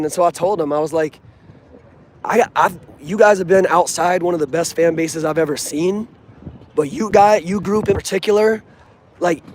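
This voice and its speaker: A young man talking earnestly and casually about his football team, using street slang, recorded outdoors near a stadium. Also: high-pitched. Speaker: sports fan vlogger. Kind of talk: casual fan vlog.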